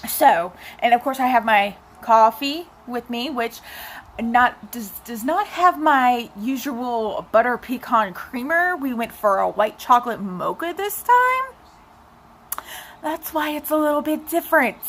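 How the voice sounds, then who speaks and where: In a casual storytelling vlog, a chatty young woman animatedly recounts a story and throws in asides to her viewers. Her voice is slightly high and unhurried.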